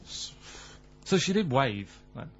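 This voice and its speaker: A man with a Mancunian accent, a regular on a radio show, talking in a deadpan, literal-minded way. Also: medium pitch, takes it slowly, breathy edge. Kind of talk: casual radio banter. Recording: slightly dull lo-fi radio recording.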